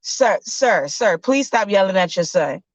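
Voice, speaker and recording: A calm, formal male doctor, played by a woman telling the story, speaking politely but firmly. The recording is dry with a dull, lo-fi edge. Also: mid-range voice, unhurried, no room sound. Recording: dull lo-fi sound.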